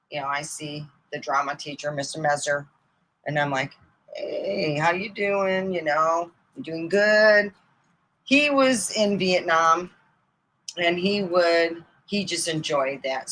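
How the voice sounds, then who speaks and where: A woman's voice: deep voice, unhurried, fairly bright tone, poor audio. A middle-aged woman telling rambling, profane comic stories from her own life and laughing at them as she goes. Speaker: comedian. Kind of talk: casual storytelling monologue.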